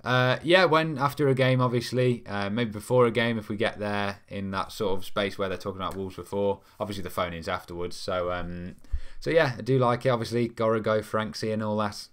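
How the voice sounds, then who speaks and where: A man's voice: on the low side, fairly even intonation, fairly quick, few pauses, clean tone. A young man, hosting a football fan live stream in a casual, rambling way, reading out viewer comments with lots of ums. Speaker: fan channel host.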